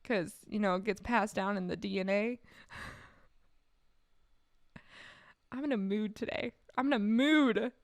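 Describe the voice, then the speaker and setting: This California woman is a streamer giving live stream commentary, reading aloud and reacting with casual, wry remarks that break into quick laughs. Her mid-range voice has vocal fry and fairly even intonation, and the studio-quality recording has no echo.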